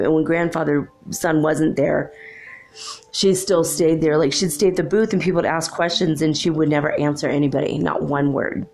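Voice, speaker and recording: A woman tells a rambling personal story in a low, gravelly voice, full of fillers and easy laughs. She speaks in a casual, unscripted way. Faint music sits behind her. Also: a little mellow.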